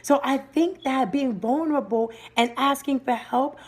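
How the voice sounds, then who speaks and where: Woman preaching about goals on a live stream, kinda high voice, upbeat, stops to say hi to viewers. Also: a little slow. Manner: energetic, greets viewers by name mid-talk. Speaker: livestream host and motivational speaker. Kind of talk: live-streamed motivational talk.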